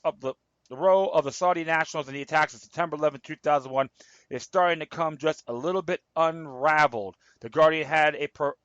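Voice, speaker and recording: A man's voice: fairly high pitch, fairly bright tone, no room sound, muffled recording. A man hosting his own political commentary show, reading articles aloud and rambling, stumbling and repeating himself. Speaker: show host.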